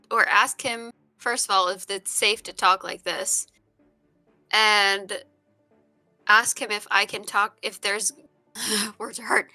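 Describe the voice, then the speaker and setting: A woman's voice: mid-range voice, bright, forceful tone, no room sound. A woman playing a tabletop game, talking casually with some hesitation. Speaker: player.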